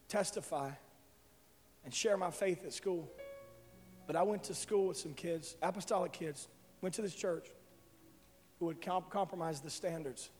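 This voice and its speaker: A man preaching a sermon, telling an emotional testimony that swells to loud passionate peaks. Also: fairly high pitch. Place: church sanctuary. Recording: live hall with reverb and faint music.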